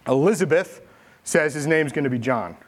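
A man preaching a sermon, telling stories with lively delivery and acting out the quotes. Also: moderate pace. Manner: animated storytelling, acts out quotes with big pitch jumps. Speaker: pastor.

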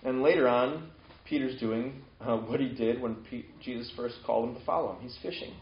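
In an echoey, dull lo-fi room, a man preaches a casual sermon at a brisk pace with a medium-pitched voice. He retells scripture conversationally, acting out the quoted lines with sudden lifts.

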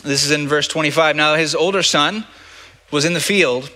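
Bright-voiced male pastor preaching. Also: a little high, moderate pace. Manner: conversational, stumbling and repeating words. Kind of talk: sermon. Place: church sanctuary. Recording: long reverb of a church hall.

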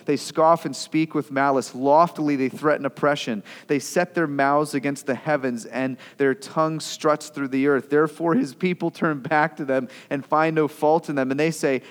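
Impassioned male preacher in a reverberant hall. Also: medium pitch. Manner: impassioned, swings between loud outbursts and quiet asides. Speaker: pastor. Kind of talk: sermon.

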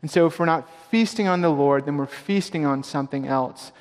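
A man preaching a sermon with emphatic delivery, repeating his key lines slowly for weight. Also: fairly high pitch. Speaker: pastor. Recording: long reverb of a large hall.

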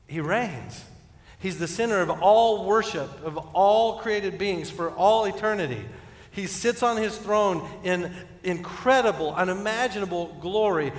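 A man preaching a sermon as pastor, earnest and building to emphatic peaks before dropping soft. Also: mid-range voice. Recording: echoey church hall with long reverb.

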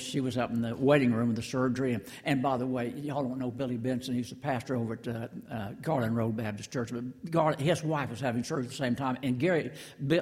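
An older man preaches in a folksy, halting way, restarting phrases and turning aside to people in the pews. His voice sits at a middle pitch. It carries the long reverb of a church hall. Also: a little mellow. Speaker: pastor. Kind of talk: sermon. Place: church sanctuary.

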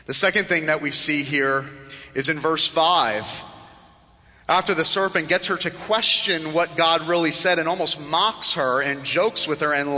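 A man preaching a sermon in a church. He acts out the tempter's mocking voice in low, hushed tones. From South Florida. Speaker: pastor. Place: church sanctuary. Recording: reverberant church hall.

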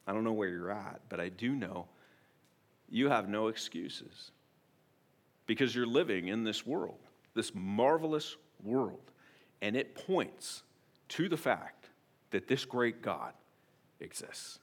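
This pastor preaches slowly and with animation in a low-leaning voice, speaking earnestly to the congregation. He moves back and forth between whispered, intimate appeals and loud, emphatic declarations.

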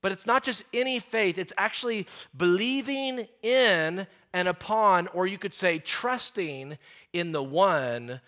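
Joking preacher man, slightly high voice. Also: a little slow. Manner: joking, sarcastic; lively, conversational. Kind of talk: sermon with storytelling.

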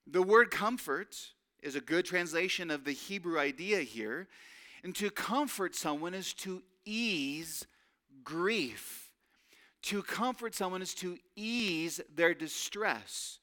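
A man's voice: high-pitched, lively intonation, takes it slowly, sharp tone. A man preaching a sermon, earnest and emphatic, drawing out key phrases.

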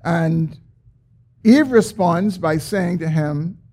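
A man preaching a sermon, explaining a scripture passage with emphatic, drawn-out stresses. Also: on the high side, dark tone, breathy edge. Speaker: pastor.

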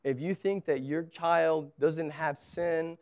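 A man's voice: on the high side, fairly even intonation, slow, darkish tone. A man in his thirties preaching a sermon as pastor, earnest, often repeating a word as he presses a point. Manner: earnest, repeats words when stressing a point.

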